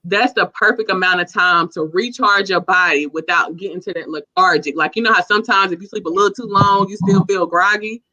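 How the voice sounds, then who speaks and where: A woman guest chatting casually, slangy and animated as she tells stories. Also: mid-range voice, brisk, few pauses. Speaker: guest entrepreneur. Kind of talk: casual chat. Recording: dull lo-fi sound.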